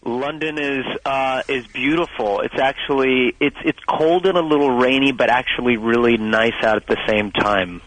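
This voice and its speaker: A man's voice: medium pitch, normal speed, hardly any pauses, a bit bright, slight background noise, poor audio. A man interviewed as a guest over the phone, answering in a playful, joking way. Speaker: actor and musician, guest. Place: in London by phone.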